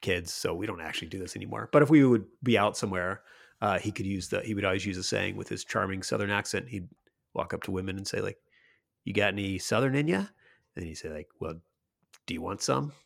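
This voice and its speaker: A middle-aged man co-hosts a podcast in a casual, rambling chat full of fillers and restarts. His low, creaky voice comes out at a quick pace.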